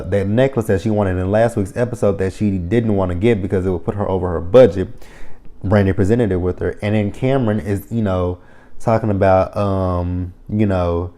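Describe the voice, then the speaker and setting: A man with a low, warm voice gives a casual, opinionated review of a reality TV show, blunt and full of profanity. He lives near the area the show covers and fills his talk with "you know" and "um."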